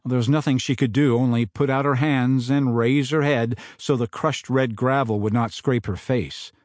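A man reading his own novel aloud in dramatic, expressive audiobook narration. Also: medium pitch, moderate pace, no echo, studio quality.

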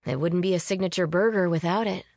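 A woman reading an audiobook, voicing a relaxed young man in a low-key, dryly teasing way. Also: fast talker, creaky, dry recording, clean studio sound. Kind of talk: audiobook character voice.

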